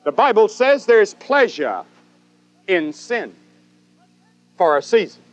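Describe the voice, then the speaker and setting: An older man preaching a sermon dramatically, with swelling repetitions and long pauses. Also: high voice, sing-song. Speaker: evangelist preacher.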